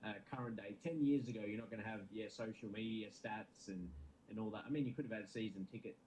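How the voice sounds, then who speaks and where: A man's voice: lowish voice, fast talker, a little mellow, slight background noise, rough recording. A man hosting casual let's-play commentary, chatty and rambling, often restarting his sentences. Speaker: gaming channel host.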